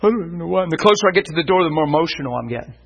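A man preaching, telling his own story as a sermon testimony, animated and often laughing. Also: fairly high pitch, very fast, gravelly, breathy edge, highs cut off.

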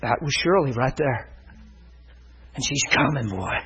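A man preaching a sermon in a church, telling a healing story in an animated way, his voice climbing high when he gets excited. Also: measured pace, husky.

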